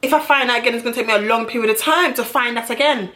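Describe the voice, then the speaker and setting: A young woman telling a storytime vlog in a brash, profane, animated way, recorded at home on a camera mic. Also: fairly high pitch, racing. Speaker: vlogger.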